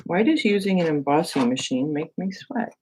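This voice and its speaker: A woman with a low voice, speaking at a normal speed, hosts a casual live crafting demo for her channel. She's chatty and pokes fun at herself, thinking aloud as she works and talking to viewers. A steady background noise with clicks runs under the recording.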